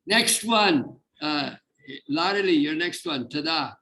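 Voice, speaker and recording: A man's voice: a little high, expressive, slow, sharp tone, poor audio. A man teaching a casual online class, explaining step by step with frequent restarts and fillers over a video call. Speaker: Sanskrit teacher.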